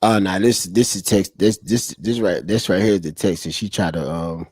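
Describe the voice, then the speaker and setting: A man's voice: low voice, moderate pace, a little mellow, husky, no room sound. Laid-back slangy man on a dry mic. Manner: loose, repetitive, slangy and profane. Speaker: online commentary host. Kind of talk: casual livestream commentary. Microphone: streaming setup mic.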